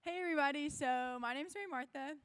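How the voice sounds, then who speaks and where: A young woman with a sore voice leads a crowd game at a church youth event, bubbly and shouting cheers. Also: high voice, fast.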